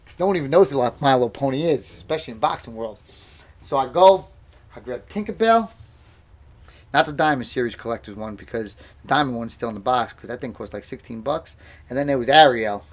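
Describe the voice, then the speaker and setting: A man's voice: medium pitch, animated, brisk. A man in his thirties, hosting a live stream from home, telling rambling, self-mocking stories in casual chat. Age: 30s. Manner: rambling, self-mocking, bursts into loud laughter. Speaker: livestream host and boxer.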